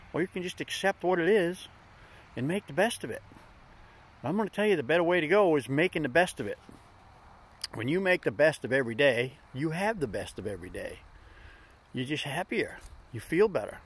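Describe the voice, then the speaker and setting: A middle-aged man with a voice pitched a little high talks to his viewers in a folksy, upbeat way. He keeps it casual and motivational, leaning on everyday slang. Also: a bit bright. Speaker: vlog host.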